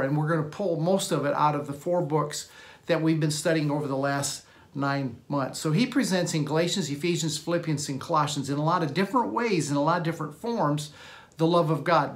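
A man preaching a Sunday sermon, reading scripture aloud and explaining it with earnest emphasis. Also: on the high side. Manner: earnest preaching, reads scripture aloud, repeats words when restarting. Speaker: pastor.

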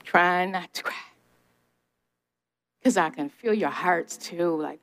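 A woman's voice: fairly low pitch, takes it slowly, long pauses, a bit bright. A middle-aged woman preaching a conversational sermon, emphatic and testifying, talking straight to her listeners. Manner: emphatic, testifying, speaks to the audience directly.

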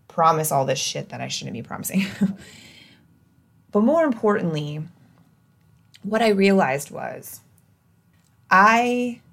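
A woman hosting her own podcast, talking candidly in a casual self-help monologue that swings between lively and hushed. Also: low-pitched, creaky. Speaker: podcast host.

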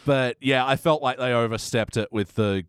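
A man's voice: mid-range voice, moderate pace, clean tone, no room sound, studio quality. A man hosting a casual podcast chat. He talks frankly, swears and laughs often. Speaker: podcast host.

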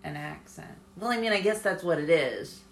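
A woman's voice: lowish voice, expressive, moderate pace, crowd noise. A woman co-hosting a casual podcast, curious and questioning as she repeats words back. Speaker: podcast co-host. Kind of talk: casual chat. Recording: echoey room with faint noise.

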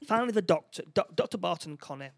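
Gravelly, slightly high man, casual podcast co-host retelling a plot with many false starts. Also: animated. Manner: halting, many restarts, acts out lines. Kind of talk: casual chat recapping a film plot.

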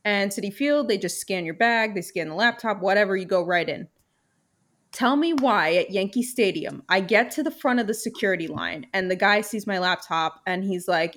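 Young woman, casual podcast talker, animated and foul-mouthed, mid-pitched voice. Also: a little fast. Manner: animated storytelling, swears freely, many fillers. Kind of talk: casual chat.

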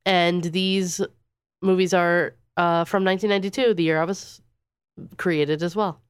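A woman's voice: on the low side, fairly even intonation, a little slow, smooth, no room sound. A thirty-year-old woman co-hosting a podcast in casual chat, a bit congested from a cold, chatty with lots of fillers. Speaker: podcast co-host.

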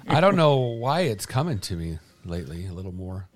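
A man's voice: deep voice, big pitch swings, brisk. A man co-hosting a casual morning show, laid-back, drifting into mock quotes as he talks. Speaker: co-host.

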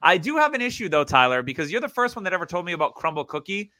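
A man's voice: high-pitched, sing-song, rapid-fire, pushed and bright, no room sound. A man hosting a podcast in casual chat, joking and teasing his co-hosts. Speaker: podcast host.

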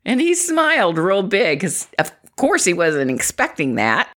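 A middle-aged woman from the Midwest speaks with a low, lively voice that rises and falls a lot. She talks to the viewer in a chatty, encouraging way, often laughing. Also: a little slow. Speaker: inspirational vlogger. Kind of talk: upbeat motivational talk to camera.

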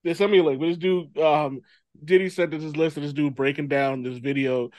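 A man with a high voice hosts a casual podcast chat, animated and quick to laugh and swear. The sound is close and dry, with no room around it. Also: no room sound, muffled recording. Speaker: podcast host.

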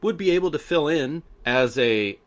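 A man co-hosting a casual sports podcast, arguing his points with halting restarts. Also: on the high side, expressive. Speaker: podcast co-host.

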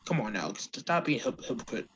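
Man, podcast co-host, halting speech, blunt manner, mid pitch, faint background noise. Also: very animated, fairly bright tone. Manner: halting, many restarts and filler words, blunt. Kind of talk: casual wrestling chat.

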